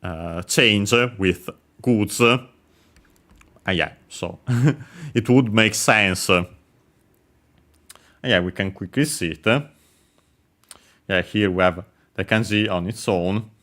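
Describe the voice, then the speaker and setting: A man's voice: on the low side, takes it slowly, pauses often, fairly bright tone. A man teaching on a casual livestream lesson, hesitant and full of fillers and self-corrections. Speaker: language teacher streaming.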